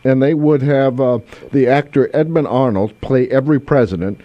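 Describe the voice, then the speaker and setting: A man's voice: medium pitch, normal speed, dry recording, highs cut off. A man hosting a call-in radio show, talking casually with many fillers and restarts. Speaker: radio host. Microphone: studio microphone.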